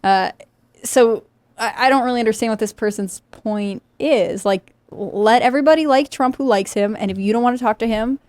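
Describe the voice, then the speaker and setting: A woman's voice: a little high, moderate pace, darkish tone, dry recording. Sarcastic woman on a talk panel. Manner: conversational, mildly sarcastic. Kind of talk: political talk show discussion.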